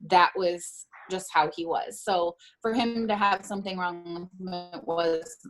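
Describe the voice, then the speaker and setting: Halting middle-aged woman recounting a loss. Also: on the low side, fairly even intonation. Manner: halting, often stops to correct herself. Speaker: interviewee, bereaved mother. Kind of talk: personal account in an interview.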